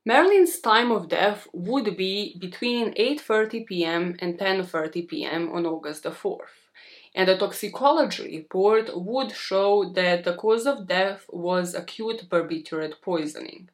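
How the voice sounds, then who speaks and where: A woman hosting a true crime podcast, telling the story in a chatty, expressive way with blunt asides. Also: medium pitch, a little slow.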